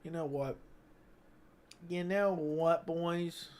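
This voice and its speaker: A man hosts a casual livestream from his home setup, reading out chat messages. He jokes crudely and needles his viewers, his voice sitting a bit high for a man. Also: fairly even intonation, extremely slow, darkish tone. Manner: crude, joking, teasing chatters. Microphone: studio dynamic mic.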